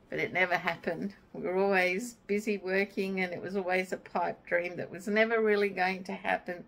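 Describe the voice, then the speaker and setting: A middle-aged woman chatting casually on her craft vlog, excitable and easily moved as she talks. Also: medium pitch, moderate pace, creaky, hardly any pauses, rough recording. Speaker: craft vlogger. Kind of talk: casual chat.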